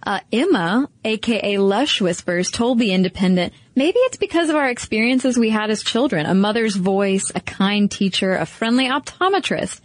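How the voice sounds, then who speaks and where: A woman's voice: mid-range voice, expressive, normal speed, few pauses, no echo. A woman co-hosting a podcast, talking in a thoughtful, conversational way. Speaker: podcast co-host. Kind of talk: casual podcast discussion.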